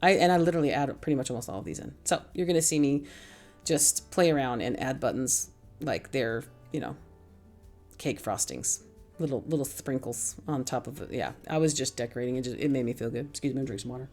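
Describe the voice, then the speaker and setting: A middle-aged woman with a notably low voice narrates a craft tutorial over faint background music. She rambles cheerfully through her steps and pokes fun at herself as she goes. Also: fairly quick, darkish tone. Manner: chatty, rambling, self-deprecating. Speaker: craft channel host.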